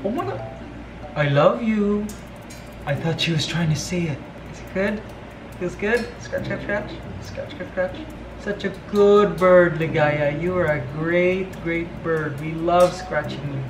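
A fairly high-voiced man chats slowly and playfully in an echoey room, laughing often and cooing to his pet. Music plays clearly behind him. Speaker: vlogger. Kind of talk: casual vlog chat. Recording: roomy echo with music behind.

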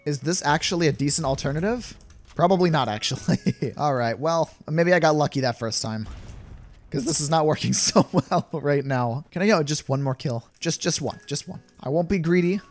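Playful young man, slightly high voice. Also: moderate pace. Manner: playful, amused, laughs often. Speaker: gaming YouTuber. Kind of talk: gameplay commentary. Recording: game music playing faintly behind.

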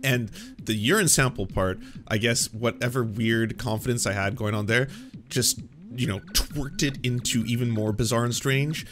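This man from Canada is telling a story casually on a podcast. He is animated and stammers, often restarting with "I, I, I," and swears freely. His voice sits at a middle pitch for a man. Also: normal speed.

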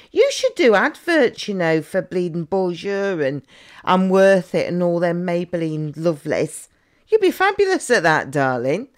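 A woman runs a casual reaction vlog. Her talk is cheeky and chatty, full of teasing asides, and her pitch swings widely up and down as she goes. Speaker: reaction vlogger.

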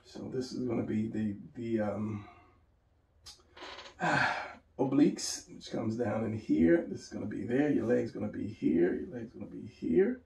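Gravelly man teaching drawing, echoey room. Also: mid-range voice, unhurried, dark tone, recorded from a distance. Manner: rambling, talks to himself while sketching. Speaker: drawing instructor. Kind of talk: casual drawing tutorial.

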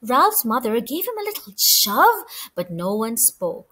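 A woman reading a children's chapter book aloud, expressive and animated. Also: on the high side, unhurried, slightly rough. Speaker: storyteller.

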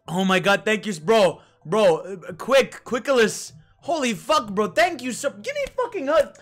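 A live game streamer chatting with viewers, excitable and profane, often shouting in disbelief. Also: mid-range voice, unhurried, hardly any pauses, soft background music. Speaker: livestreamer. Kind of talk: live gaming stream chat.

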